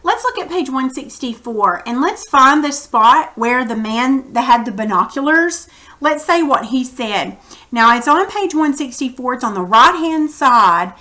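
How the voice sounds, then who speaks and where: A woman with a high voice and an unhurried pace teaches children a reading lesson, recorded on a computer mic. She's animated and acts out the quoted lines.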